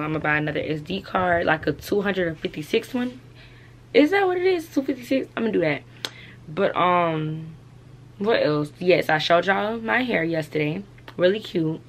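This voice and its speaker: A woman's voice: lowish voice, a little hiss or hum. Chatty young woman vlogging at home. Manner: chatty, loose slang, lots of "like" and "y'all". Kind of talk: casual chat to camera.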